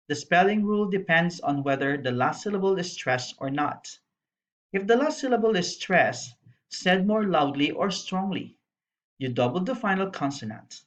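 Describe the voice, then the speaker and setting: A woman teacher narrating a recorded English lesson for young pupils, spelling out letters and explaining patiently. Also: sits low. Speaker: primary school English teacher. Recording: dull lo-fi voice-over.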